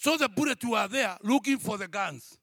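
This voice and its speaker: A man, a pastor, preaching a sermon that moves from quiet storytelling to shouted exhortation, repeating phrases and calling out to his congregation. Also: high voice, expressive, normal speed, vocal fry, no echo, studio quality. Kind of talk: preaching a sermon with a personal testimony.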